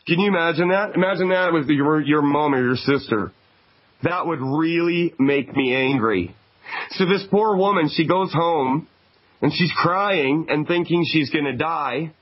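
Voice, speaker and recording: A man from Canada hosting a call-in radio talk show, talking in a conversational, emphatic way. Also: fairly high pitch. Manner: conversational, emphatic, repeats phone numbers slowly. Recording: dull lo-fi radio broadcast.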